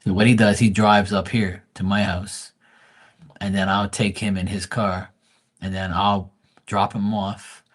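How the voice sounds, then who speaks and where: A man hosts a live stream in loose, casual chat, telling family stories with swearing and a rambling flow. His voice sits low and has a husky edge. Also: flat delivery, measured pace. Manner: rambling, profane storyteller.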